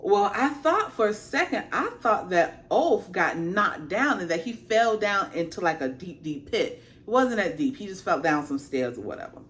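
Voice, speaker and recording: Animated woman recapping a TV episode. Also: medium pitch, moderate pace, hardly any pauses. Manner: animated, slangy storytelling with acted-out asides. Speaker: TV show reviewer. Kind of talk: casual recap commentary.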